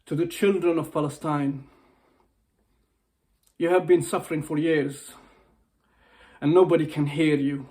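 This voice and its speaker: A man's voice: fairly high pitch, a little mellow. Impassioned man with a raised voice. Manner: emotional, pleading, repeats and restarts phrases. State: upset, near tears. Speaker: motivational speaker. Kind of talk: impassioned personal video message.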